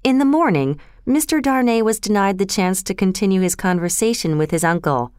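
A woman narrating a classic storybook tale in a measured, clear way. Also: mid-range voice, expressive, darkish tone, dry recording, clean studio sound. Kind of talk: storybook reading of a classic novel.

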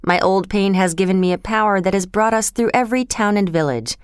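A woman voicing an elderly male doctor who speaks slowly and earnestly. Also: high-pitched, clean tone, dry recording, clean studio sound, close to an everyday voice. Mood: confident. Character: elderly male doctor, former prisoner, calm and certain.

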